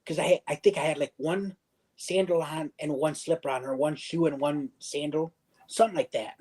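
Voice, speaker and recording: A man's voice: fairly high pitch, fairly even intonation, moderate pace, darkish tone, low-quality recording. A young man telling a personal story in casual livestream chat. He rambles, circles back, restarts sentences and acts out other people's lines.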